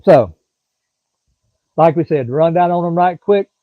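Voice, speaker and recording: A middle-aged man with a Southern drawl chats loosely with his live-stream viewers, wandering from thought to thought in a folksy way. His voice sits a touch high. The sound is dry and thin, like a phone line. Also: unhurried, no room sound. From Florida. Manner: rambling, folksy, drawling, chats to commenters by name. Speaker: livestream host.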